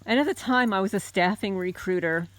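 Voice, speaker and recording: A middle-aged American woman talks straight to her viewers. She tells a personal memory in a loose, chatty way, with plenty of ums and false starts. Her voice sits at an ordinary pitch for a woman. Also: brisk, no echo. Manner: conversational, with many fillers and restarts. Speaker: homesteading channel host. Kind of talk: personal storytelling to camera.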